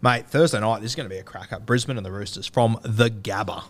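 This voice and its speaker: A man's voice: fairly low pitch, fast. Joking Australian man, loose podcast banter. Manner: loose, joking, swears freely. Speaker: podcast co-host.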